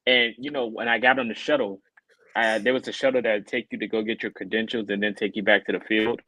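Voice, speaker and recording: A man co-hosting a podcast, telling a rambling story in a casual way and acting out the people he quotes in a higher voice. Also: fast, no echo, rough recording. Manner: animated, acts out quoted people in a raised voice. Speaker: podcast co-host.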